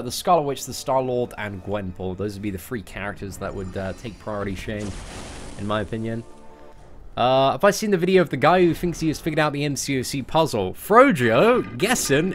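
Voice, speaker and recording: A young British man hosting a game livestream, answering viewers in a casual, chatty way and peppering his talk with "man" and "you know". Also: medium pitch. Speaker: livestream host.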